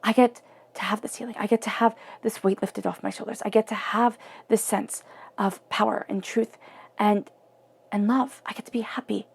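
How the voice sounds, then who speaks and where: A woman tarot reader talking in an earnest, intimate way, often dropping to a soft near-whisper. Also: mid-range voice, fairly even intonation, moderate pace, vocal fry, husky. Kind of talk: spoken tarot reading.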